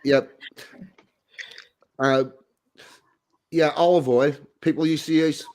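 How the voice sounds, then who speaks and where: A man's voice: a little high, steady tone, a little mellow, slight background noise. Male co-host, casual banter, punchy one-liners. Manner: quick one-liners and short replies. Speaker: podcast co-host. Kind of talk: casual banter, reading chat comments.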